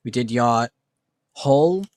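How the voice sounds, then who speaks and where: A man's voice: medium pitch, animated, slow pace, darkish tone. A man hosting a casual livestream, muttering word guesses to himself and reacting to chat with self-mocking remarks. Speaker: livestream host.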